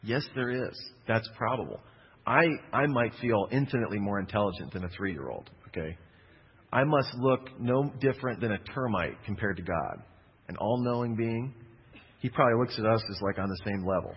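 A man's voice: fairly low pitch, expressive, moderate pace, breathy edge, big-room sound, dull audio. A man preaching a sermon, telling a personal story in a conversational way with jokey asides.

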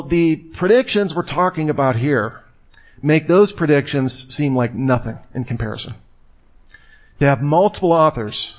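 A man giving a conversational sermon to a live audience in a room, telling stories and asking rhetorical questions. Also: fairly high pitch. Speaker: speaker.

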